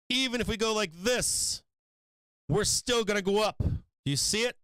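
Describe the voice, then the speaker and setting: A man hosting a market live stream, ranting with profane, emphatic fire. His voice sits high and swings widely in pitch. It sounds close and dry, with no room echo. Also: sharp tone. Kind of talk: heated market commentary rant.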